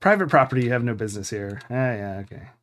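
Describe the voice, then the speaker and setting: A man streams a game live, thinking aloud as he goes. He rambles with fillers in a medium-pitched voice. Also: expressive, fast talker, a bit bright. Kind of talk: live game playthrough commentary.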